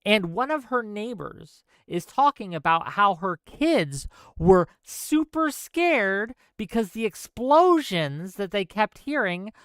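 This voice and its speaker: Heated male stream commentator, smooth dry voice. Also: high-pitched, sing-song, slow, few pauses, a bit bright, no room sound. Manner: heated, profane ranting, then reading an essay aloud. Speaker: stream host.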